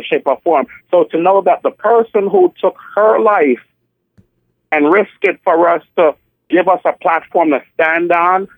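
A man's voice: a little high, dry recording. A man in his forties, a drag queen guest, talking in a sassy, theatrical way and calling people honey and darling. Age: 40s. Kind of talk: casual phone interview. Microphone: telephone. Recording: tinny dry phone line.

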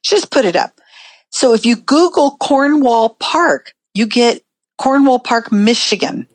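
A woman guest telling a story in a casual, animated way and acting out the people in it. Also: a little high, measured pace, no room sound, low-quality recording. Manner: animated, acts out voices of people in her story. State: a little emotional.

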